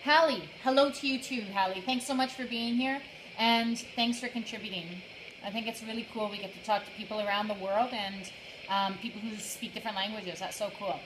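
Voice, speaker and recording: On a livestream, a young woman jogs on an indoor treadmill while training for a charity run, breathlessly chatting and greeting viewers by name. Her medium-pitched voice is fairly even in intonation and a little fast. The room echoes, with faint background noise.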